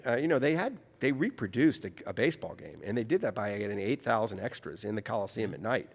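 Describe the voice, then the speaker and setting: A man from New Orleans, an author telling an anecdote in conversation, lively and acting out the people he quotes. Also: lowish voice, fast, in a large hall. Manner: animated, mimics voices in his anecdotes. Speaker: author guest. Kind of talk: conversational storytelling.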